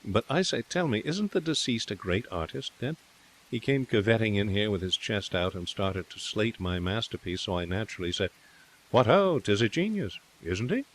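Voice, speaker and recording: A man's voice: fairly low pitch, expressive, moderate pace, poor audio. A man reading a good-humoured young painter who speaks with wry understatement. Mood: puzzled.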